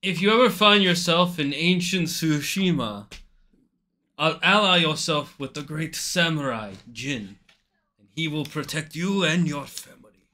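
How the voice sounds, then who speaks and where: A man's voice: a little high, a little slow, sharp tone. A man doing a put-on Jamaican accent to deliver a mock-solemn life tip.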